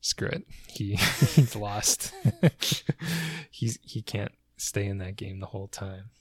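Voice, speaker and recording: A man's voice: fairly low pitch, unhurried, breathy edge, no echo. A man co-hosting a podcast, talking through a book in a thoughtful, hedging way and searching for words. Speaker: podcast co-host. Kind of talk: casual book discussion.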